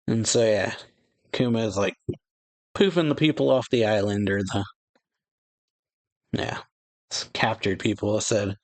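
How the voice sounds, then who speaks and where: A man's voice: lowish voice, a little slow, pauses often. Man chuckling through a comic reaction. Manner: chuckles often, loose with fillers like "so, yeah". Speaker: reaction channel host. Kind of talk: casual manga chapter reaction, reading panels aloud.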